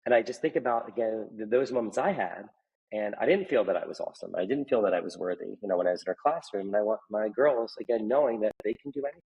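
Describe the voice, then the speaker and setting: Fast-talking, husky-voiced earnest man. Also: on the low side, muffled recording. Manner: earnest, emphatic, openly emotional. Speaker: guest, personal trainer and author. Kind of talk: candid conversational interview.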